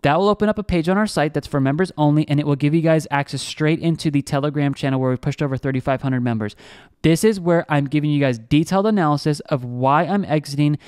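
Energetic young male vlog host, quick and clear, pitching trades with constant "guys". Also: no room sound, studio quality. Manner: energetic, hyped, repeats "guys" and "like". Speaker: crypto trading channel host. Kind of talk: screen-share trading vlog, salesy.

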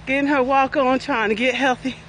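Upbeat high-voiced woman walking outdoors. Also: fairly even intonation, poor audio. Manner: upbeat and cheering, talks while walking briskly. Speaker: wellness facilitator hosting a walking livestream. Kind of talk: live walking vlog, chatty. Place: outdoors in a lakeside garden with traffic nearby. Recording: outdoor phone audio with traffic noise.

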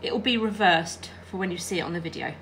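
Ironing and sewing as she goes, this quilting instructor gives a chatty, hands-on tutorial, regularly asking her audience "all right?" Her voice sits fairly low, moves fast, and has a fairly bright tone, with a little hiss or hum on the recording.

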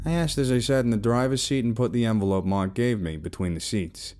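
A man narrating a first-person story in a rough, casual tough-guy way, with plenty of swearing, over faint music. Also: fairly low pitch, fairly even intonation, brisk, a little mellow.

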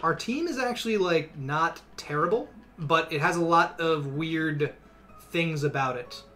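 A young male streamer talks through his game casually, rambling and filling gaps with "uh" and "like." His voice is bright and a touch high. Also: animated, a little slow, soft background music. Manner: rambling, full of fillers. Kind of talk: casual gameplay commentary.

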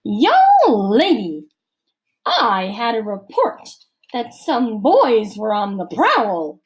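A woman putting on a stern camp director, slow and loud. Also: fairly high pitch, huge pitch swings, voice pushed up, exaggerated voice. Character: stern strict older female camp director.

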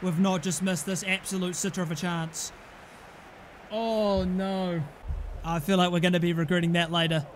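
A young man commentating his own football video game, excitable, groaning and then yelling at the play. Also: sits high, normal speed, slight background noise. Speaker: gaming commentator. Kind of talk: live gameplay commentary.

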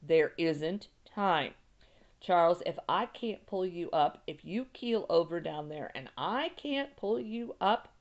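A woman's voice: on the low side, expressive, takes it slowly, lo-fi sound. A woman reading a pioneer mother's lines as she scolds her husband in tears, in a story read aloud. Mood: scolding. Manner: scolding, tearful.

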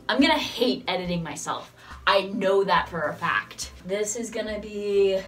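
A woman's voice: on the high side, fairly bright tone. Giggly young woman rambling to camera. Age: young adult. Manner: giggly, profane, scattered. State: tired, voice cracking. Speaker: vlogger. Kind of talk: casual rambling vlog. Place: dorm room at night. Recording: distant camera with faint music.

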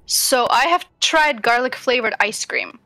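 High bright-voiced woman, guest on a stream, teasing and chatty. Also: expressive, unhurried, faint music behind. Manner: teasing, chatty, talks to the chat. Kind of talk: casual chat.

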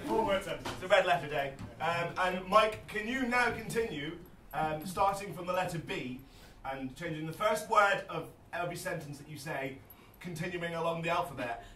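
A man hosting an improv show from a live theatre stage, his high, bright voice chuckling through halting instructions. He is picked up from a distance in an echoey room. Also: slight background noise.

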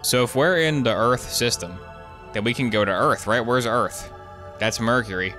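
A man's voice: mid-range voice, moderate pace, bright, forceful tone, soft background music. A man giving casual, jokey commentary while playing a video game, thinking aloud as he goes. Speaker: gaming YouTuber.

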